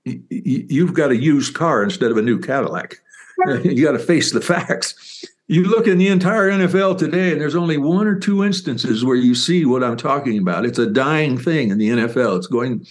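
An older man, a former football player and author, telling stories in an interview with animated, rambling enthusiasm. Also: mid-range voice, normal speed. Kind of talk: interview storytelling.

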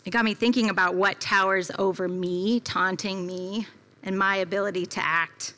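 A woman's voice: mid-range voice, steady tone, moderate pace, pushed and bright. A woman preaching a conversational sermon, telling a personal story in a reflective way with casual fillers. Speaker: preacher at a church gathering.

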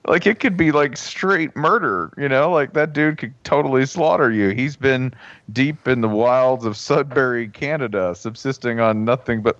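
A man co-hosting a podcast, chatting casually and animatedly, often slipping into exaggerated accent impressions. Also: dry recording. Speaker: podcast co-host. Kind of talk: casual comedic chat. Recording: dry, dull low-fidelity podcast audio.

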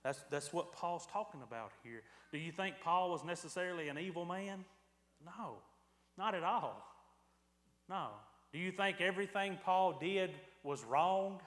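A man preaching a sermon, telling a personal story and swinging from quiet to loud. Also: sits high, a little slow, reverberant, long reverb tail. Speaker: pastor.

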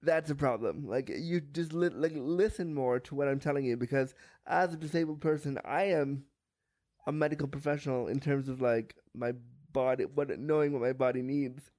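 A man from Canada, a guest on a podcast, talking frankly and lively, acting out what other people say with humor. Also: mid-range voice, moderate pace, no echo. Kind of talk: candid podcast interview.

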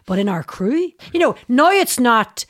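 A woman with a Derry accent, a guest telling lively stories in a casual interview, acting out quoted voices and saying "aye" a lot. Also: on the high side, measured pace, dry recording, studio quality. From Derry, Northern Ireland. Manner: animated storyteller, acts out quoted voices, says "aye" often. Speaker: guest actor and singer.

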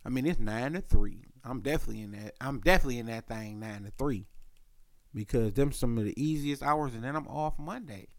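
A young man telling a rambling story on his podcast, loose and slangy, clearing his throat and saying "uh" a lot. His voice sits in a middling register, and the recording is dry and close with no room sound. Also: a little fast, dry recording. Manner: loose slang-heavy storytelling, jumps up in pitch when quoting himself; frequent throat clearing and filler "uh". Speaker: podcast host. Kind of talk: casual storytelling monologue.

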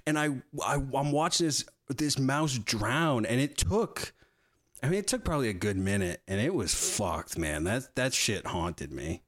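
A young man co-hosting a podcast, telling a story in casual, profane chat with animated swings in his voice. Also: medium pitch, a little slow. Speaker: podcast co-host.

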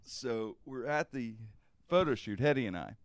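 A middle-aged radio host from Pennsylvania tells a story in casual chat, animated, profane and quick to laugh. His pitch is medium, his speed normal, with no echo.

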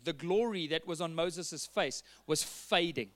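A male pastor delivers a sermon in a fairly high voice. He is earnest and animated, moving between scripture reading and lively asides. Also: unhurried, hardly any pauses.

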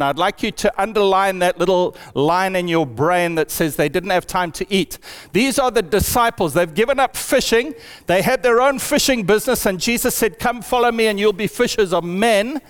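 A man preaching a sermon in a church hall, with animated storytelling. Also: high voice. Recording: long hall reverb.

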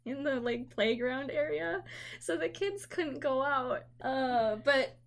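A young woman with a somewhat high voice tells work stories in relaxed chat. She is animated and slips into the voices of the people she describes. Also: slow pace, vocal fry. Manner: animated storyteller, acts out customers in quotes. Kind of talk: casual chat.

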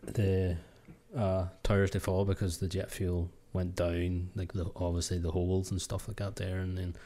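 A man's voice: low voice, flat delivery, normal speed, dark tone. A man co-hosting a casual podcast chat, rambling and hesitant as he explains things. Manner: rambling, hesitant, laughs often. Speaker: podcast co-host.

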